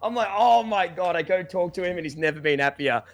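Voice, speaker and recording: A young adult man, a podcast guest, tells a story in casual conversation, acting out quotes with plenty of swearing and laughter. His voice is high-pitched and expressive, and he talks a little fast.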